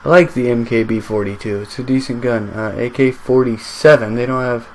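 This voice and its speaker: A man's voice: mid-range voice, steady tone, fairly quick, a little hiss or hum. A man giving casual let's-play commentary on his own game, rambling and chatty, joking with the enemies as they come at him.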